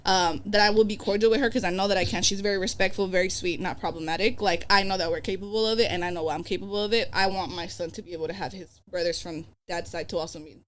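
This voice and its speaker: A young woman tells a personal story on a podcast in casual, rapid-fire chat. She curses freely and slips into the voices of the people she quotes. Her delivery is animated, and she talks at a brisk pace. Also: fairly low pitch, a little hiss or hum. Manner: animated, profane, acts out quoted dialogue. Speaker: podcast guest.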